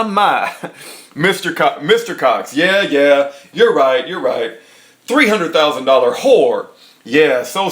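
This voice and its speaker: High, bright-voiced man ranting sarcastically. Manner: indignant, sarcastic, bursts into shouting; drops into a low mocking voice to read the lines. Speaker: commentator reading a court transcript. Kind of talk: ranting commentary over a transcript reading.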